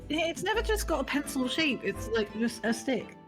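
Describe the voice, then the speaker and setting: A woman's voice: sits high, big pitch swings, moderate pace, faint music behind. A woman making dry, hesitant remarks while chatting with friends over a game stream. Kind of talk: casual group chat over a game stream.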